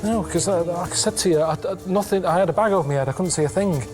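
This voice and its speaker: A man, telling stories in a deadpan, rambling, plainspoken way in a TV interview. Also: high-pitched, fast talker, over music. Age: 30s.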